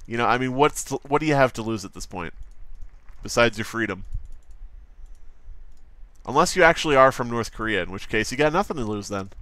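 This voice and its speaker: A man talking off the cuff on a live stream from his desk at home, rambling from one joke to the next and swearing freely. His pitch sits in an ordinary middle range, and the sound is close and dry with no room around it. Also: a bit bright, dry recording. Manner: rambling, profane and jokey, often breaking into mock voices. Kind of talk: casual live-stream chatter while drawing.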